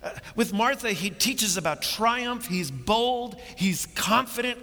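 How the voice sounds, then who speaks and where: A man's voice: sits high, lively intonation, measured pace, hardly any pauses, bright, forceful tone, in a large hall. A man preaching a sermon, earnest and building to emphatic points, often repeating words as he goes.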